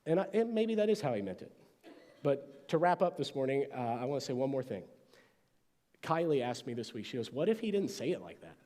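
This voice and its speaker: A man's voice: medium pitch, big pitch swings, a little fast. Emphatic male pastor in reverberant church. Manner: emphatic, varied delivery that drops to soft, hushed phrases. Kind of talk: sermon. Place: church sanctuary.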